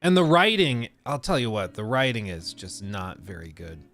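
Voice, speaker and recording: A man's voice: on the low side, very animated, normal speed, fairly bright tone, soft background music. A man hosting a casual live stream from his basement desk, ranting sarcastically and mocking what others say in quoted voices. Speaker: livestream host.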